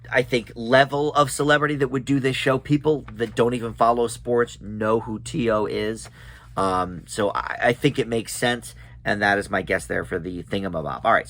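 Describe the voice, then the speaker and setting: A man's voice: medium pitch, a bit bright. A man chatting casually as he recaps and reviews a TV episode, with many ums and restarts.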